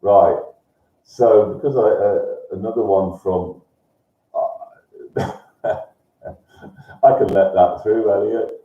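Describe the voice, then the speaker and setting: A man hosting a live stream, rambling as he reads viewers' messages and breaking into loud, sweary rants. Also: fairly low pitch, steady tone, slow, pauses often. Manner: swings into loud swearing rants, laughs a lot. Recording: roomy, distant, dull lo-fi sound.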